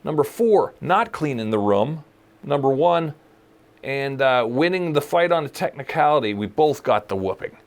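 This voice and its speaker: A man in his forties or fifties, co-hosting a podcast in casual chat, an animated storyteller who laughs often and acts out the people he quotes. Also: mid-range voice, moderate pace. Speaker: podcast co-host.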